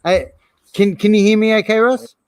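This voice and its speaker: A man hosts a live online interview, friendly and encouraging toward his guest. His voice sits a little high for a man. The sound is dry and close. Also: normal speed, dry recording. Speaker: host.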